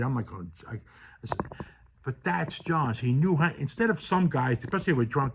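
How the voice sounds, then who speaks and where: A man spins a long story from his own memories in a loose, rambling way. His voice is husky and a bit rough, and he keeps dropping in fillers and acting out bits of dialogue as he goes. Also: fairly high pitch, big pitch swings, normal speed. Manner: rambling, full of "you know" fillers and quoted dialogue. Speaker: storyteller recounting personal memories. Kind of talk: casual storytelling.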